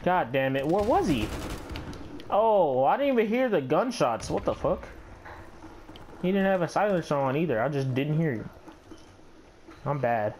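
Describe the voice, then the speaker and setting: A man's voice: fairly high pitch, sing-song, normal speed, pauses often, darkish tone, slight background noise. A profane man muttering through gameplay. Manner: muttering, profane, self-critical. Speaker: gamer and channel host. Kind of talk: casual gameplay commentary. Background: background music.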